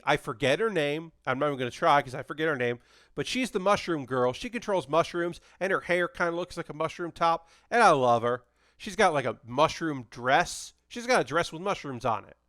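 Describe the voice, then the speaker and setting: A man chatting casually on a live stream while assembling a model kit, with a smooth, fairly high voice. He rambles animatedly, full of fillers and restarts, recorded dry and close to the mic. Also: expressive, moderate pace, fairly bright tone, dry recording.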